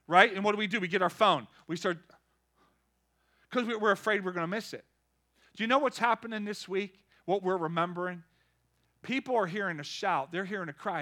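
High, bright-voiced preaching man. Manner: call-and-response preaching, building to shouts. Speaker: pastor. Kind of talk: sermon.

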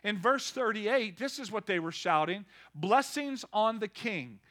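A man preaching a lively sermon, calling out to the congregation and building to shouts. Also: high-pitched, unhurried. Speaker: pastor.

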